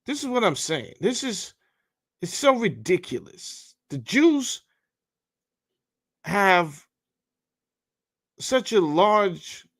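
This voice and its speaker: A man's voice: high voice, sing-song, extremely slow, pauses often, a bit bright. Heated, profane man hosting a podcast. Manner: heated, blunt and profane, says bro a lot. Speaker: podcast host. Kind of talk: casual commentary reading a bill aloud.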